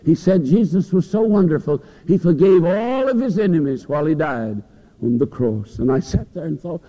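A male preacher delivers an impassioned sermon, his voice swinging between hushed lows and soaring peaks. His tone is mellow and sits a little high. The lo-fi recording is washed in the long reverb of a large hall. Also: expressive, normal speed. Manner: impassioned preaching, rising and falling.

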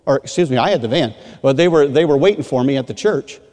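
A middle-aged man from rural Michigan, a pastor telling his testimony in an animated way and acting out the voices of the people in it. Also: medium pitch, fast. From rural Michigan, USA. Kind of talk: testimony sermon. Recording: long reverb of a large hall.

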